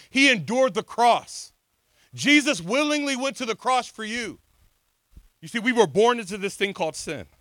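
At an outdoor beach service, a man with a high voice preaches a sermon, passionately sharing his own testimony with big swings in loudness. There's no echo on the recording.

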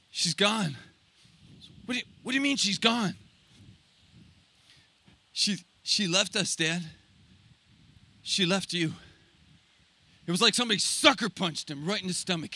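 A man preaching, retelling a scripture story dramatically, swinging between loud and hushed. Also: high voice. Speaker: pastor.

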